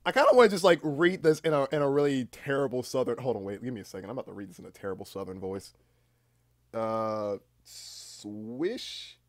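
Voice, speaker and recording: A young man hosting a casual livestream chat in a rambling, halting way, with deadpan, self-mocking humor. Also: medium pitch, dry recording. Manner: rambling and halting, with many restarts. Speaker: livestream host.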